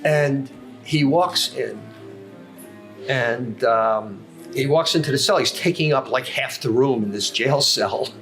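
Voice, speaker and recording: A man's voice: mid-range voice, slow, fairly bright tone. Older man telling stories over music. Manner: anecdotal, with many fillers and self-corrections. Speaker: podcast guest. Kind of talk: casual storytelling. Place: coffee house. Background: music playing.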